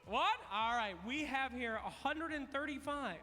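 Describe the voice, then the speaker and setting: A man's voice: extremely high pitch, normal speed, sharp tone, faint music behind. A man hosting a live trivia contest on stage, playful and teasing as he counts down answers. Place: large event hall. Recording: long arena reverb.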